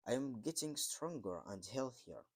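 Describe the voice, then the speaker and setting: A man's voice: medium pitch, lively intonation, moderate pace, lightly acted. A man reading the part of a lonely, secretive young girl in an earnest, pleading way.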